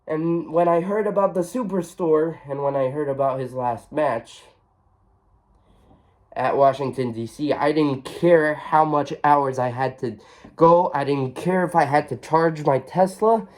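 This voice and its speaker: A man's voice: a little high, a little slow, darkish tone. A man vlogging an emotional reflection, earnest and heartfelt, often repeating his phrases.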